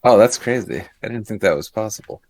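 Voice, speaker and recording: An easygoing young man chats as a podcast co-host and reacts with short exclamations. His voice sits a little low, and it is recorded close and dry. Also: brisk, a little mellow, no room sound. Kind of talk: casual chat.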